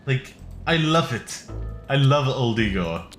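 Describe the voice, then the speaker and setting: A man streaming a game, chatting casually and wryly, quick to rant about what annoys him. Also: medium pitch, expressive, fairly bright tone. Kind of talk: casual gameplay commentary. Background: game music.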